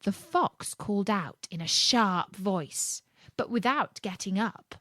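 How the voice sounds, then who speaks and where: A woman reads a children's story aloud, slow and measured. Her voice moves lively up and down to bring the tale to life, and the recording is dry and close. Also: medium pitch, no echo. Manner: expressive, gentle, measured.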